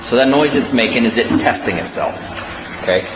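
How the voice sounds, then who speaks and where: A male police officer calmly walking someone through a breath test in a station room, patient and reassuring. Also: medium pitch, normal speed, music in the background. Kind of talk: calm instructions during a breath test. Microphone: body camera. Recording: echoey room with loud ambient noise.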